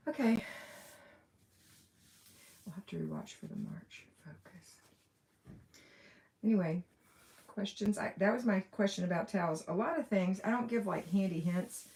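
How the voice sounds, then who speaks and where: A woman's voice: medium pitch, very animated, moderate pace, long pauses, darkish tone, a little hiss or hum. A woman with an Alabama accent hosting a casual live question session, chatty and reading viewer comments aloud with a laugh now and then. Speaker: livestream host. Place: room at home with window open.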